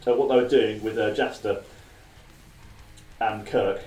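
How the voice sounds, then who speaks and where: A man in his thirties, hosting a casual chat show and telling self-mocking stories at a quick clip. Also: on the low side, fairly even intonation, darkish tone, soft background music. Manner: fast, chatty, self-mocking anecdotes. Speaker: podcast host. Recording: roomy sound from a distant mic.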